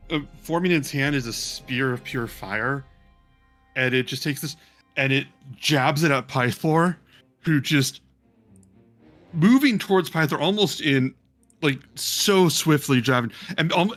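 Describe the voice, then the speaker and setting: A man's voice: fairly high pitch, animated, measured pace, fairly bright tone, faint music behind. Rambling male game master. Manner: rambling, filler-heavy narration. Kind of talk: narrating a tabletop game.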